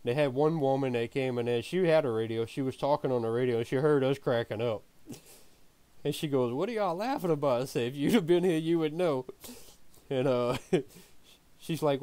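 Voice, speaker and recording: A man's voice: fairly high pitch, moderate pace, darkish tone, no room sound. A man streaming, telling a story in a casual way, laughing often and swearing freely.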